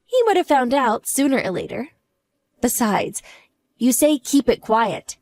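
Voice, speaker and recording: Lady playing a smug sarcastic wife, calm and mocking, lively voice, dry close sound. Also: a little high, unhurried, no echo. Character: cool, mocking wronged wife, adult woman. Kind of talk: audio drama acting.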